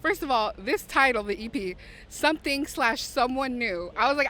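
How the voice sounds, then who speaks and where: A woman's voice: high voice, animated, moderate pace, bright, forceful tone. A woman radio host interviewing a guest backstage outdoors, bubbly and enthusiastic. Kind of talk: casual interview.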